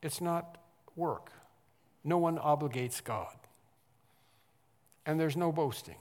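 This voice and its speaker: A man preaching a sermon, swinging from quiet explanation to loud emphatic lines and repeating phrases for stress. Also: on the high side, slow. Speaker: pastor. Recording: long hall reverb.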